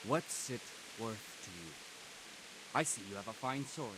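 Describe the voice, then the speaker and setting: Voice a surly, hostile gravedigger, played by a man, in game dialogue with lively pitch swings and threats. The audio carries a steady hiss under every line. His manner stays blunt and unfriendly. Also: a little slow, natural voice.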